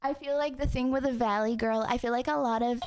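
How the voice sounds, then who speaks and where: A young woman livestreams from home, chatting casually as she reads chat messages, giggling and breaking off mid-sentence. Her voice is high-pitched, steady in tone and brisk, with background noise present.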